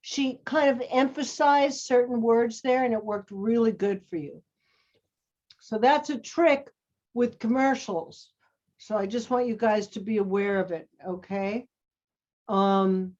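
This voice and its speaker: A woman's voice: fairly high pitch, unhurried, long pauses, a little mellow. A woman acting teacher coaching students over a video call, encouraging and calling them sweetie and honey. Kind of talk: coaching students in an online class. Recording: dull lo-fi call audio.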